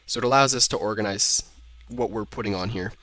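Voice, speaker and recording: Speaking briskly in a voice on the low side with a fairly bright tone, a young man casually narrates a screen-recorded programming tutorial. He thinks aloud and corrects himself while typing. No room sound is present, only the keyboard behind him.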